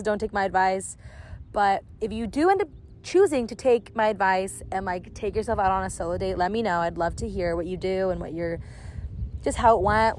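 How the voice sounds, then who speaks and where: A woman's voice: medium pitch, slight background noise. A woman in her early twenties hosting a casual solo podcast, chatty and affectionate with lots of filler likes, recorded outdoors on a seaside lawn. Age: early 20s. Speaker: podcast host.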